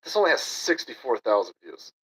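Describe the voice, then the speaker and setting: A man's voice: medium pitch, very animated, fairly quick, fairly bright tone, slightly rough, rough recording. A man doing a profane, mocking reaction commentary on a video clip as a streamer.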